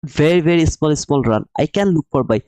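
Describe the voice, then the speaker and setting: A man's voice: a little high, expressive, brisk, mellow, dry recording, poor audio. A man hosting a live trading stream who explains the market emphatically, repeats his points and calls his viewers brother while answering the chat. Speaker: livestream trading host.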